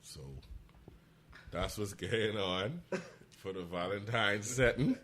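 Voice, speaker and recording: A man from The Bahamas hosting a casual talk show, relaxed and wry. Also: on the low side, takes it slowly, a little hiss or hum. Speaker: host. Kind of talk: casual chat.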